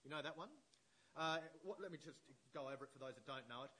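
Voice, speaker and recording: A man's voice: on the high side, fast talker, pushed and bright, poor audio. A man preaching a conversational sermon who keeps checking in with rhetorical questions. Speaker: pastor.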